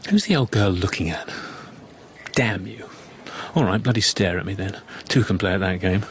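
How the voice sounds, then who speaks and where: Guy doing a dry sarky english husband, lowish voice, old radio play. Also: normal speed, slight background noise, close to an everyday voice. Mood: irritated. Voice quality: dry sarcastic humour, turning anxious. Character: sardonic anxious English husband, John. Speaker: actor in radio drama. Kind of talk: BBC radio drama acting.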